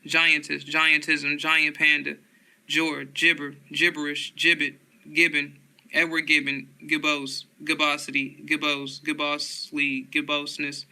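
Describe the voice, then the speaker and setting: A man slowly reading dictionary headwords aloud in a flat monotone, often restarting words. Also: on the high side, creaky, clean tone, rough recording.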